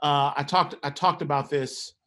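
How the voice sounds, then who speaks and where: A man's voice: on the high side, steady tone, normal speed, fairly bright tone. Earnest man telling a personal story. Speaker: pastor. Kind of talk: conversational storytelling.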